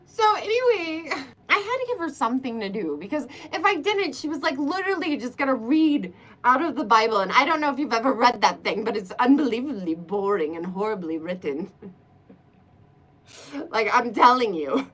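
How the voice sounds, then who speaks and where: A woman's voice: a little high, very animated, normal speed, a bit bright. A woman hosting a casual livestream chat in a playful demon persona, dramatic and prone to laughing. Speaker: livestream host.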